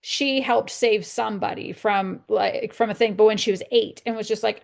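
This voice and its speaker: Chatty woman with a gravelly voice. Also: medium pitch, fairly even intonation, moderate pace. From Canada. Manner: chatty, laughs often, storytelling. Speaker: podcast co-host. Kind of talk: casual chat.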